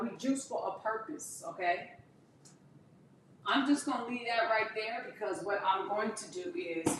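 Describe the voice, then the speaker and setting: A woman chatting casually to her viewers as she juices and drinks wheatgrass shots, calling them y'all and talking in animated bursts. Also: mid-range voice, echoey room, slight background noise. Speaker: wellness vlogger. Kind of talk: casual chat to camera.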